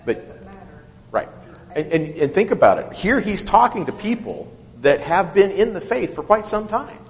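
A man's voice: high voice, normal speed. A man leading a Bible study, explaining a passage verse by verse and often checking in with "okay?". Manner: animated, keeps asking okay and right. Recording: echoey hall with long reverb.

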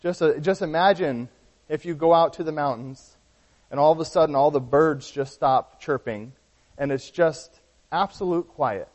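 A man with a fairly high voice preaches a sermon, explaining a Bible passage earnestly and often stopping to rephrase. His words ring out in a church hall with a long reverb. The recording is dull and lo-fi. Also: moderate pace, a little mellow. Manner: earnest Bible teaching with frequent restarts.

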